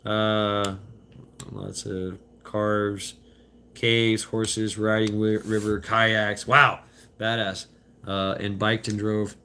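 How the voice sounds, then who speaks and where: A man's voice: fairly low pitch, a bit bright. A man in his fifties rambling casually while out on a walk, loose and profane, stopping and restarting often as he answers viewer chat. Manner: loose, profane, halting with many fillers and restarts. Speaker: vlogger reading viewer chat. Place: outdoors on a walk.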